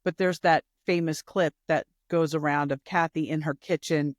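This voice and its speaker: A woman's voice: low voice, steady tone, moderate pace, no echo, clean studio sound. A woman co-hosting a podcast who chats casually, rambling through asides and fillers. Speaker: podcast co-host. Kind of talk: casual chat.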